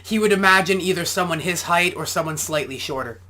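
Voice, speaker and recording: A man's voice: high-pitched, a little fast, bright, forceful tone. A man, an amateur boxer, giving casual reaction commentary and explaining boxing technique step by step.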